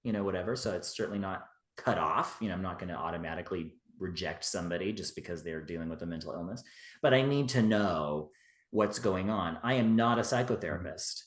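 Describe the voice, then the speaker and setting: Low-voiced man in a roomy space. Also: a little fast. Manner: rambling, filler-heavy, with frequent "you know". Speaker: guest, witchcraft teacher. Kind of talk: casual interview talk. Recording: roomy echo.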